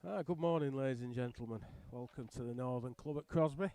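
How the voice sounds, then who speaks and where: Man, live bowls commentator, mellow low-key voice, slightly odd speech from a missing tooth, chatty and self-deprecating. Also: quick pace, smooth, no room sound. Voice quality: talks a little strangely from a missing tooth.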